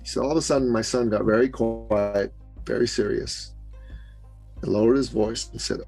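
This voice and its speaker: A man's voice: medium pitch, steady tone, moderate pace, gravelly, a little mellow, breathy edge, faint music behind, rough recording. A man guest on an interview podcast, telling a personal story in an earnest, conversational way with small asides. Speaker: podcast guest, business coach.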